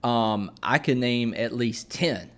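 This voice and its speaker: A man of medium pitch talks through an explanation in a loose, conversational way. He pauses often, restarts sentences and fills gaps with "um" and "uh". His tone stays steady and plain, like a co-host teaching his partner. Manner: unhurried, with many fillers and restarts. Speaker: podcast co-host explaining scripture. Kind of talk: casual explanatory chat.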